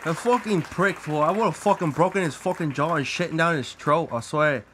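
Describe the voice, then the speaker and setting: A man's voice: a little high, moderate pace, a bit bright, some chatter behind, a little hiss or hum. A man guesting on a podcast, talking crudely and jokingly in a put-on Australian accent. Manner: brash and crude, joking with laughter in his voice. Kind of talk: casual chat.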